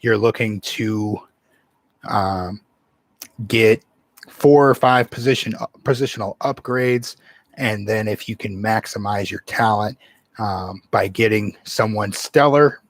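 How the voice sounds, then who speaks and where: A man's voice: fairly low pitch, unhurried, dry recording. A man hosting his own sports channel, talking casually in a rambling way full of fillers and restarts. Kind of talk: casual solo sports commentary.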